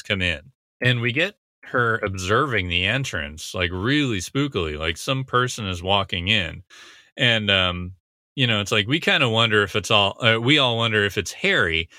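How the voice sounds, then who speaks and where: A commentator casually and analytically breaks down a TV scene, recapping the dialogue and often pausing on fillers. His voice is fairly low with a very bright, sharp edge, and the recording is close and dry with no room echo.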